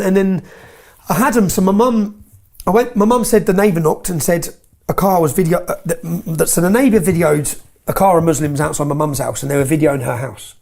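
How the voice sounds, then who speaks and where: Gravelly emphatic man. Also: high voice, darkish tone. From England. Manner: emphatic, keeps tagging lines with "yeah?". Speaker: interview guest, activist. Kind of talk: heated interview storytelling.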